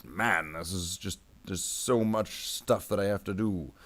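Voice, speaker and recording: A man's voice: low voice, measured pace, a bit bright. A man streaming himself painting miniatures, chatting casually and jokily in a space marine persona and calling his viewers brothers. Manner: rambling and jokey, calls viewers "brother Marines".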